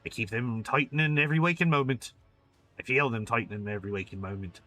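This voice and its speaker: A man's voice: medium pitch, fast, bright, forceful tone, soft background music, voice pushed down, close to an everyday voice. A man voicing a tormented male soldier with a painful skull implant, talking in a strained, bitter, pleading way. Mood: bitter pained.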